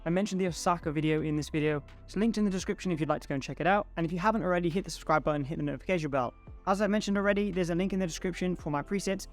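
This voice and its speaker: A man with a slightly high voice talks relaxed and chatty to his camera from home, enthusing to his viewers. Faint music plays behind him. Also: racing. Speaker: photography video creator. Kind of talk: casual talk to camera. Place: indoors at home. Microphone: home studio mic.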